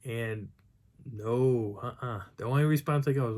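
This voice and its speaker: A man's voice: mid-range voice, normal speed, darkish tone. Man rambling through a mountain story. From Colorado high country. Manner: rambling with many restarts, acts out quoted voices. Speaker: Bigfoot researcher telling a field story. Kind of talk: casual storytelling.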